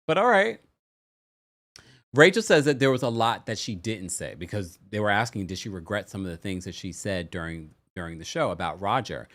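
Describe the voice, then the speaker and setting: A man hosting a casual chat show, recapping reality TV with animated talk, big pitch jumps and frequent laughter. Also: brisk. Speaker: podcast host.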